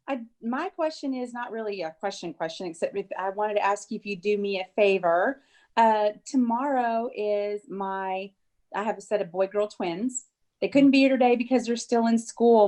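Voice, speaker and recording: A woman's voice: medium pitch, a little mellow. A middle-aged woman with a mid-range voice talks in a chatty, giggly way. She is calling in over video from her home kitchen. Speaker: caller. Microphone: video call.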